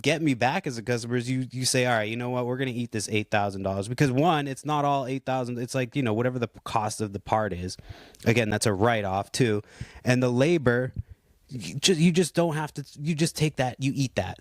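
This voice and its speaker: A man's voice: mid-range voice, normal speed, no room sound, studio quality. A man in his thirties hosting a podcast, ranting casually and heatedly with lots of profanity and restarts. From Puerto Rico. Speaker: podcast host.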